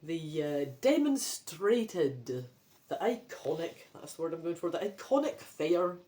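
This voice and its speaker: A woman's voice: fairly low pitch, sing-song, measured pace, warm tone. Chatty Scottish woman reading aloud. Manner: chatty, sweary, rambling. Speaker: reader of a children's adventure book. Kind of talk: casual read-aloud with asides.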